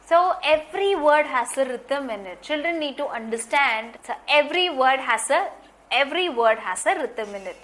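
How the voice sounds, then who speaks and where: A woman training teachers in phonics, explaining points slowly and deliberately and repeating key ideas. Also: sits high, animated, a bit bright, slight background noise. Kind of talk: instructional lecture.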